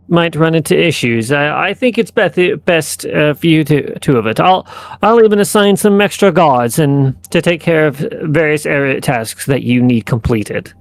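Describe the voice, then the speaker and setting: A man doing a coaxing, gravelly noble official. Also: fairly high pitch, no room sound, pitched above the performer's own voice. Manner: hesitant, placating, coaxing. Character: male noble official, smooth and persuasive.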